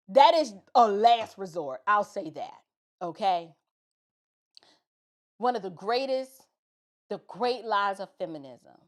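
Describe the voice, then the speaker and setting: A woman's voice: a little high, darkish tone. A woman from the Bronx giving emphatic, preachy Christian commentary on a livestream, firing off rhetorical questions in folksy slang. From the Bronx, New York.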